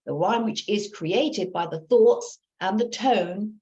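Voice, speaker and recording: A woman's voice: medium pitch, takes it slowly, mellow, dull audio. A woman working as a recovery coach, speaking earnestly in a live coaching session and looping back over her points.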